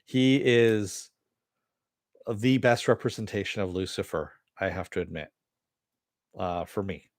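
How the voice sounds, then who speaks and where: A man's voice: lowish voice, fairly even intonation, a little slow, pauses often, no room sound, studio quality. Rambling American man hosting a live stream. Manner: rambling, reads viewer comments aloud. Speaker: host. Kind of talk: casual live-stream chat.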